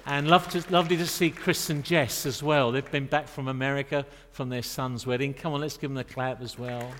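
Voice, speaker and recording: A man's voice: medium pitch, steady tone, a little fast, a bit bright, a little hiss or hum. A middle-aged man preaching in a church, chatty and joking with the congregation between points. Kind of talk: sermon. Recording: long reverb of a church hall.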